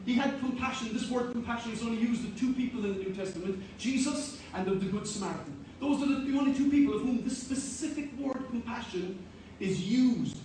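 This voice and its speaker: A man's voice: very high voice, brisk, a little mellow, a little hiss or hum. A man preaching a sermon in an earnest, repeating way that builds to emphatic points. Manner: earnest, repetitive, rising to emphatic. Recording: echoey hall, mic at a distance.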